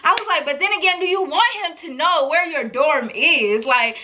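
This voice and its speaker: A woman's voice: sits high, expressive, brisk, few pauses, sharp tone. A young woman vlogger telling a storytime to camera in casual, slangy chat, laughing often.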